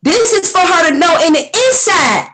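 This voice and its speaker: A woman with a high voice offers soothing, motherly advice. She speaks warmly to a friend in distress and often calls her baby. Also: expressive, normal speed, a little hiss or hum, rough recording. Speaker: guest. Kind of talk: supportive personal conversation.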